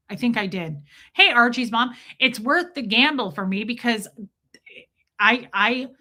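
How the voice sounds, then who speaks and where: A woman's voice: a little high, bright, forceful tone. A middle-aged woman hosting a casual livestream, chatting confidingly and greeting viewers by name. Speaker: livestream host.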